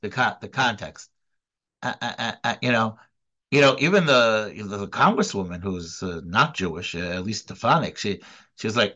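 A man teaching a religious study class in an informal lecture. He talks earnestly and with emphasis, often halting to repeat words and restart his sentences. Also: on the low side, pushed and bright, dull audio.

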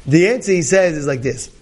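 A male rabbi giving a Torah class, telling animated stories, often laughing and repeating himself. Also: fairly high pitch, normal speed. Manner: animated storytelling, many repetitions; laughs often while talking.

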